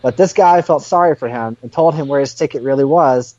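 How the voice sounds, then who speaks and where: A man's voice: a little high, fairly quick, a little mellow, no room sound. A man talking as a podcast guest, explaining a story step by step in casual chat. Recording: dull lo-fi dry sound.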